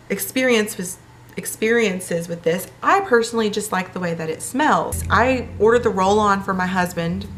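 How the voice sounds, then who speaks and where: A woman's voice: medium pitch, slight background noise. A young woman chatting in a casual vlog, telling a personal story with lots of fillers. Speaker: vlogger.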